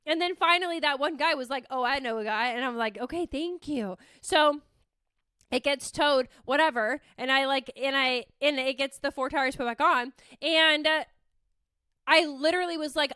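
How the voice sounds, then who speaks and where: A young woman from the Bay Area chats on her podcast in a high, bright voice. She tells her story in a rambling way, full of "like", and the sound is close and dry. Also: a little fast, dry recording. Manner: rambling, lots of "like", animated retelling. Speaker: podcast host. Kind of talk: casual storytelling chat.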